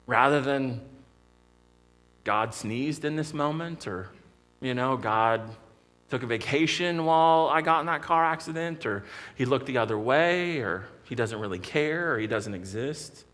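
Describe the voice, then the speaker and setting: A man's voice: medium pitch, bright, forceful tone. An American man preaching a sermon as pastor, earnest and vivid, often restarting his sentences.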